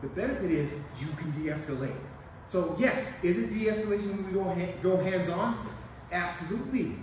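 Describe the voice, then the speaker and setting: An energetic man with a high-pitched voice, leading a hands-on demonstration lesson with emphatic calls to watch. The room is very echoey and he is some way off from the mic. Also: moderate pace, recorded from a distance, slight background noise. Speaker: police officer and instructor.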